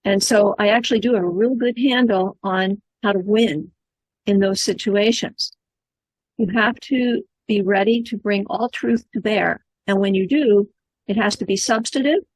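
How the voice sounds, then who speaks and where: A woman's voice: a little high, measured pace, no echo, poor audio. Woman, confident adviser tone, dry close mic. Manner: confident, instructive. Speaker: community advocacy adviser. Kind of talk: casual group discussion.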